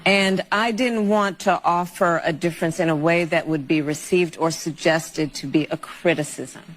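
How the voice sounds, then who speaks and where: A woman politician answering in an interview, halting and repeating words. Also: on the low side, fairly even intonation, slight background noise.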